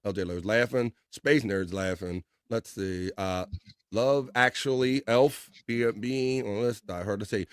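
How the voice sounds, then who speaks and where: A man hosting a casual livestream, reading viewer comments aloud in a loose, joking way with bursts of excitement. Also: lowish voice, a little slow, smooth, no echo, studio quality. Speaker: livestream host.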